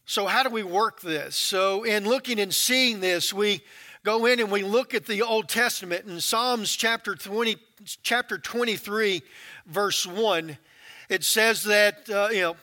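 A man's voice: high-pitched, a little slow, bright, forceful tone. A male pastor preaching a sermon in a folksy, conversational way.

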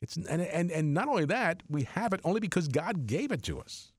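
A man hosting a Catholic radio show, making an earnest, excitable on-air fundraising appeal with frequent restarts. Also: a little high, brisk, slightly rough, no room sound.

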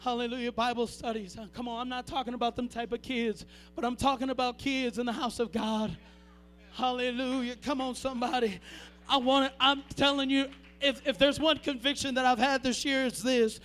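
A man preaching a fervent sermon, repeating phrases and building from quiet to shouting. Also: very high voice, fairly even intonation, brisk, faint music behind. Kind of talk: Pentecostal-style sermon.

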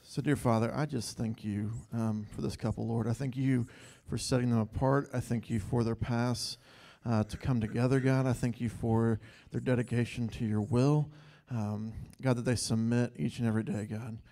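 A man's voice: medium pitch, steady tone, normal speed, gravelly, few pauses, warm tone. A man leading an earnest spontaneous prayer in church, saying God between phrases, with hesitant ums. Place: church sanctuary.

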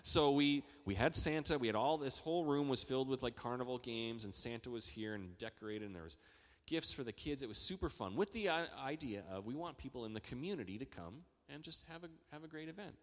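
A man preaching a sermon as pastor, talking in a conversational way that builds to excited emphasis. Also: mid-range voice, a little fast. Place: church hall. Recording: long reverb of a large church hall.

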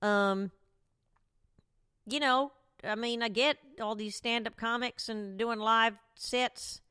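A woman's voice: on the high side, steady tone, slow, pushed and bright, clear, resonant tone, no room sound, studio quality. A woman talk show host doing a rambling, profane, wry casual rant from home.

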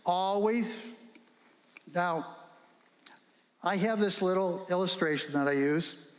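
Brief: male pastor, high voice, lively storytelling sermon, long hall reverb. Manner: animated storytelling with rhetorical questions.

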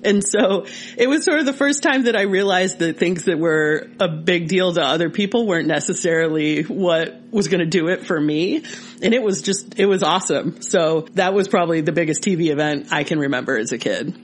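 A woman in her forties from Michigan, co-hosting a podcast and telling a childhood story in a lively, casual way. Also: normal speed, a little hiss or hum. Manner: animated, rises in pitch when excited. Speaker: podcast co-host.

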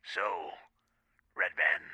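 A man doing an impression of a gruff action-movie tough guy, delivering deadpan threats. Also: no echo, full character voice, low-quality recording. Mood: smug. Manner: menacing, slow, deadpan threats.

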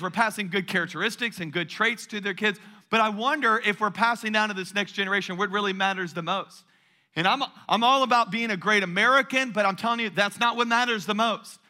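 A man in his thirties preaching a sermon as pastor, emphatic and energetic, driving his points home with repetition. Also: high voice.

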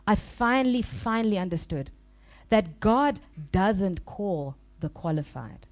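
A woman pastor preaching a sermon, telling a confessional story in an animated, laughing way. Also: mid-range voice, a little slow.

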